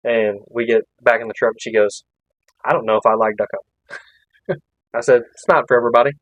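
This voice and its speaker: A man's voice: medium pitch, steady tone, fairly quick, dry recording, dull audio. A man co-hosting a hunting podcast, telling a long story in a casual, rambling way with restarts and laughs. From Missouri. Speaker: podcast co-host.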